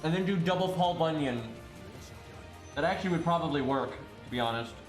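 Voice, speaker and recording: A man's voice: fairly high pitch, animated, a little fast, roomy sound. A man streaming a game live, thinking aloud in loose casual chat and swearing now and then. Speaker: streamer playing a mobile game. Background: faint game music.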